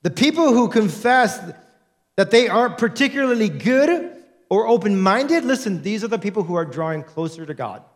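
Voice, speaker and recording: A pastor with a high, light man's voice delivers a sermon. He preaches with animation and slips into the voices of the people he quotes. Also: animated, moderate pace.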